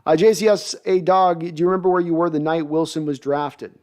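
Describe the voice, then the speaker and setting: A middle-aged man hosting a live sports draft stream, reading viewer comments and talking in an animated, rambling way. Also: fairly high pitch, a little fast, smooth. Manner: animated, hyped, rambling with restarts.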